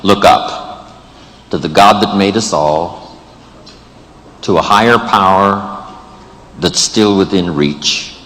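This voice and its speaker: A man with a fairly low voice delivers an emphatic motivational speech, stacking phrase upon repeated phrase. He addresses a live audience in a large room with tables, and his voice rings with a long hall reverb. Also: takes it slowly, pauses often, a bit bright, a little hiss or hum. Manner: repetitive rhetorical lists, emphatic. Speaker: motivational speaker.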